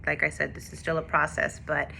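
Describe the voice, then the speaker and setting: A woman with a bright, forceful voice pitched a little low speaks candidly about her struggles in a personal faith vlog. She tells her story in an emotional, confessional way. A faint hum sits behind her. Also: monotone, a little fast, gravelly. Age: adult with a daughter. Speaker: faith vlogger.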